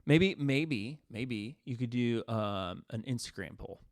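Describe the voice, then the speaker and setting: A man's voice: mid-range voice, expressive, slow pace, no room sound. Podcast guy rambling and joking, voice bouncing all over, dry close sound. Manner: rambling, playful, jokey tries at accents. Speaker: podcast co-host. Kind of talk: casual chat.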